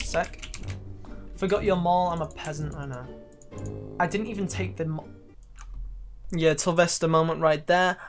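A young man giving excitable, profanity-laced commentary over his own gameplay clips. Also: sits high. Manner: excitable, swears freely, loud exclamations. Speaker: gaming YouTuber. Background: faint background music.

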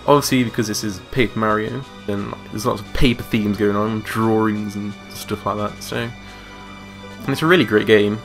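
A man's voice: fairly low pitch, steady tone, normal speed, faint music behind. A man giving chatty, joking commentary over a video game. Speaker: let's play commentator.

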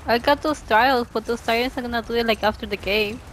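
High-voiced, emotional woman streamer. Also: brisk, a bit bright, slight background noise. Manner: emotional, gushing, swears and laughs a lot. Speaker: gameplay streamer. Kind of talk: live gameplay reaction.

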